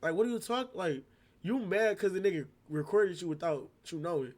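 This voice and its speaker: A young man with a noticeably high voice tells a story to his stream. He talks in loose, slangy, rambling bursts and throws himself into replaying every exchange. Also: fairly quick. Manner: slangy, rambling, animated retelling. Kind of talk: casual storytelling. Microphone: streaming setup microphone.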